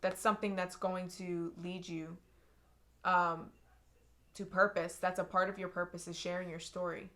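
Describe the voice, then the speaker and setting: This tarot reading comes from a young woman with a somewhat low voice, addressing viewers earnestly and with feeling while she repeats herself and restarts sentences. Her delivery is flat yet forceful and bright, at a normal speed.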